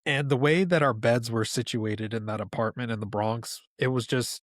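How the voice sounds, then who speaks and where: A man, a podcast guest telling a childhood story in a casual, animated way and laughing often. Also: mid-range voice, normal speed, no echo, studio quality. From New York, USA.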